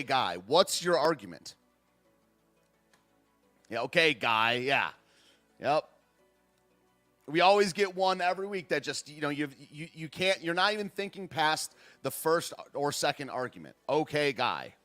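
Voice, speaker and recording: A man's voice: fairly high pitch, sharp tone. A man hosting a political podcast. He argues heatedly with comments from his chat and rambles through many restarts. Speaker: podcast host.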